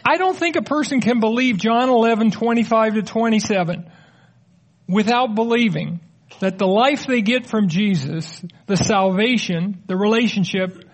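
A man's voice: high-pitched, normal speed, slight background noise. A middle-aged man preaching and answering audience questions in a conversational, explanatory way, with joking asides. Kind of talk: teaching sermon with audience questions.

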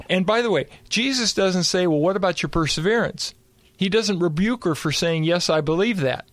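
A man with a fairly high voice teaches through scripture in a theological discussion, quoting verse after verse and explaining each one. The sound is dry and close, with no room in it. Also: a bit bright, dry recording. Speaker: co-host and Bible teacher.

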